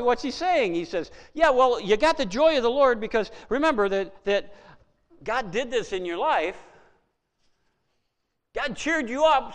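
A middle-aged man preaching a sermon as pastor, animated, swinging from soft asides to loud exclamations. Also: high-pitched, in a large hall.

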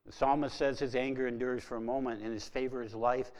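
A man preaching a sermon, dropping to a hush when quoting and rising to emphatic, building appeals. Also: medium pitch, fairly even intonation, fast, long reverb tail.

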